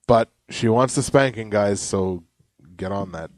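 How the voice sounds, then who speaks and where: A young man co-hosting a comedy podcast, joking around and reading ads aloud with mock yelling. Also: fairly low pitch, unhurried, no echo. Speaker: podcast co-host. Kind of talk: casual comedic chat.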